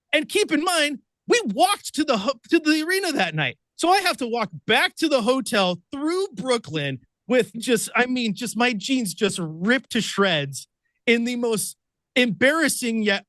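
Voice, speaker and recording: A man's voice: very high-pitched, no room sound. A man from Oregon, a radio producer and host, telling a story as a guest with lots of laughter and acted-out voices. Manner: excitable, laughs often, acts out voices in his stories. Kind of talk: animated storytelling.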